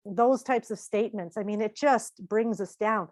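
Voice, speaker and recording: Lively woman giving a parenting seminar. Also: a little high, normal speed, few pauses, no echo, clean studio sound. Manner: lively, asks the audience questions, acts out quotes. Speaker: seminar speaker.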